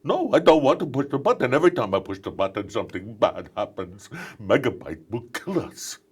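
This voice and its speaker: A man's voice: medium pitch, sing-song, a little fast, breathy edge. An actor playing a timid, nervous male character who whimpers and frets. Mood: fretful. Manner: whimpering, fretful.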